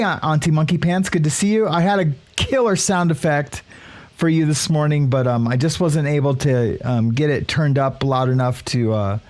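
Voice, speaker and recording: A man's voice: fairly high pitch, darkish tone. A man hosting a casual morning live stream, rambling with lots of fillers and restarts as he greets viewers by name. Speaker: livestream show host.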